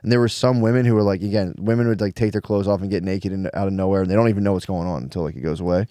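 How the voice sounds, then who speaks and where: A man's voice: deep voice, fairly even intonation, racing, dark tone, no echo, studio quality. A man, co-hosting a podcast in casual chat and telling stories in a rambling, profane way. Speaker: podcast co-host.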